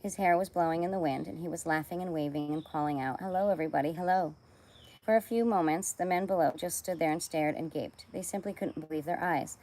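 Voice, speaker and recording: Woman, reading aloud, storybook, expressive, low voice. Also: a little fast, hardly any pauses, rough recording. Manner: expressive, lively. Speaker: storybook reader. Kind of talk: reading a children's novel aloud.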